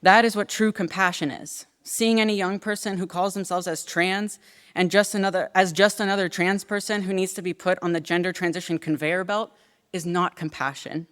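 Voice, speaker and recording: A woman in her twenties giving formal testimony at a hearing, earnest and measured, then answering questions with some hesitation. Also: lowish voice, fairly bright tone. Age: 20s. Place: legislative hearing room. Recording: long reverb of a hearing room.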